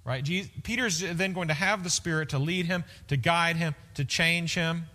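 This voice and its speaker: A man preaching a sermon with a bright, fairly high voice. He talks to the congregation conversationally and keeps checking in with "right?". A long reverb from the big church hall hangs on his words. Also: normal speed. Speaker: pastor.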